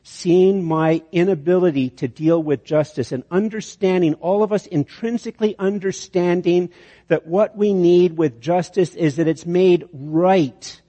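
A man's voice: high voice, unhurried, warm tone. A man preaching a sermon, telling a long illustration with many restarts and building to emphatic peaks. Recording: dull sound with long hall reverb.

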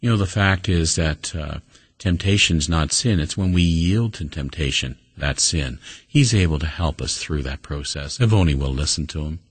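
A male preacher delivering a sermon in a deep, husky voice. He tells the story earnestly, pushing some words up high with emphasis and letting others sink to a soft, low murmur. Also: normal speed, dry recording.

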